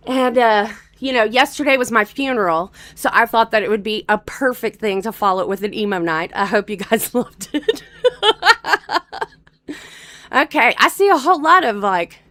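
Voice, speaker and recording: A middle-aged woman hosting a casual livestream chat, laughing often and slipping into mock-gloomy deadpan asides. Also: on the high side, moderate pace, long pauses. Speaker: livestream host.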